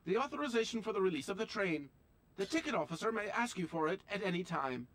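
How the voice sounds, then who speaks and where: A man's voice: high-pitched, animated, fast, a bit bright. An actor playing a formal, officious male automaton notary clerk in a video game. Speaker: game character.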